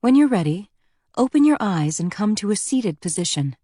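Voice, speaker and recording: A woman's voice: mid-range voice, very animated, moderate pace, breathy edge, dry recording, clean studio sound, pitched above the performer's own voice. Woman voicing a soothing female yoga teacher. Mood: hurried calm. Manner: soft, soothing guided-relaxation voice. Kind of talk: audiobook character voicing.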